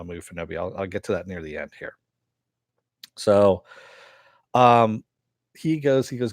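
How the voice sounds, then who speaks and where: Relaxed male reviewer with a lower voice, dry booth-like sound, rambling retell full of fillers. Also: no room sound. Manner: rambling, filler-heavy retelling with casual swearing. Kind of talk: casual episode recap.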